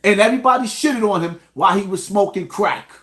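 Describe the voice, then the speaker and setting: A man's voice: high-pitched, brisk, fairly bright tone. A man from New York hosting an online show, ranting indignantly at his viewers. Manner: indignant, addresses viewers directly. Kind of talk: commentary rant.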